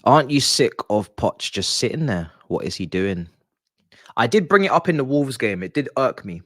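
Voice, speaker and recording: A man's voice: mid-range voice, sing-song, moderate pace, a bit bright, dry recording, studio quality. A man hosting a live football watch-along, ranting in frustration and dropping into muttered asides. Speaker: live stream host.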